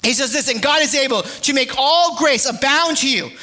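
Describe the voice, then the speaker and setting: A man in his thirties preaching a sermon, telling self-deprecating stories in an animated way. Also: very high voice, normal speed. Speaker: pastor. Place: church service, livestreamed.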